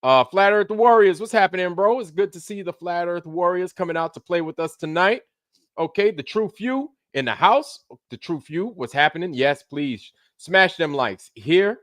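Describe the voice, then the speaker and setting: Brooklyn streamer host, slightly high voice, casual and profane, dry close-mic sound. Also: male voice, moderate pace, fairly bright tone, no room sound. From Brooklyn, New York. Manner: loose and profane, drops into put-on voices. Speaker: livestream host. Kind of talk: casual livestream chat greeting viewers.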